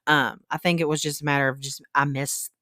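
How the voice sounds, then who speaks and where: A woman co-hosting a podcast, chatting about a book, animated when retelling and quick to laugh. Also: low-pitched, no room sound, studio quality. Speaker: podcast co-host. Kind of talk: casual book discussion.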